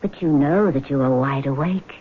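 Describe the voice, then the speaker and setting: An actress playing a vengeful female ghost in a 1970s radio drama, speaking slowly and sometimes whispering. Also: low voice, close to an everyday voice. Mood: cold, menacing. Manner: slow, measured, sometimes whispering. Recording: tinny old radio broadcast with faint hiss.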